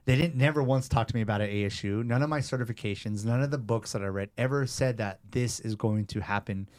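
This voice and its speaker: A man's voice: mid-range voice, fast talker. Man telling stories in a podcast interview. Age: 30s. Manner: animated, conversational storyteller. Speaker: personal trainer guest. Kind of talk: casual storytelling interview.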